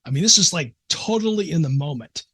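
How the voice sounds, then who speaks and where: A man's voice: on the high side, lively intonation, fairly quick, fairly bright tone, husky. A middle-aged man from the American Midwest, a psychiatrist guest, telling an earnest, emotional story in a casual interview with frequent restarts.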